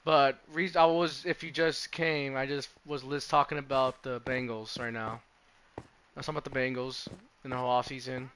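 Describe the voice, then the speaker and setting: A man's voice: mid-range voice, level tone, moderate pace, fairly bright tone, clear, resonant tone. A young man live streaming, chatting casually and rambling with lots of swearing and restarts. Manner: profane, rambling, self-interrupting. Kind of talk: casual live-stream chat about football.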